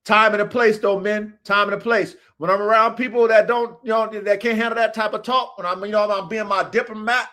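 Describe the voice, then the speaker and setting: High-voiced man ranting profanely. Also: steady tone, brisk, few pauses, sharp tone. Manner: aggressive, profane, preachy street talk. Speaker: show host. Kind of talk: unscripted monologue to viewers.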